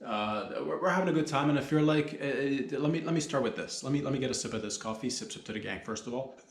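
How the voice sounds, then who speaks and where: A man's voice: mid-range voice, expressive, fast talker, a little hiss or hum. Rambling joking man in an echoey room. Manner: loose, joking, swearing, rambling. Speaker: podcast host. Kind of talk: solo comedy podcast rambling.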